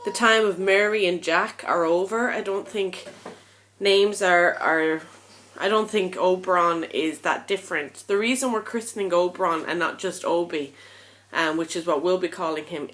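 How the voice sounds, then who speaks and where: A woman's voice: fairly low pitch, moderate pace, a bit bright. A young woman chatting casually to camera in a vlog, tired and a little out of breath, rambling and frank with lots of ums. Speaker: vlogger.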